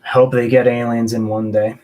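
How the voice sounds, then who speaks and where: A man's voice: medium pitch, level tone, a little fast, lo-fi sound. A man hosting a casual live stream, joking around and answering viewer chat in a rambling way. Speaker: host of a collectibles live stream.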